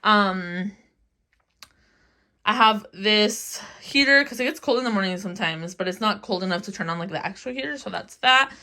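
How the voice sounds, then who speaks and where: A woman's voice: mid-range voice, normal speed, pushed and bright. A young woman in her twenties giving a casual, rambling room tour of her small bedroom, giggling often and filling gaps with ums and likes. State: a bit out of breath. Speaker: vlogger.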